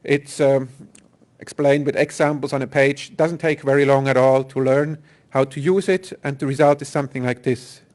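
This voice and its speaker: A man's voice: medium pitch, fairly even intonation, moderate pace, darkish tone. A man giving a technical conference talk, explaining step by step with some fillers and restarts. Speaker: software engineer presenter.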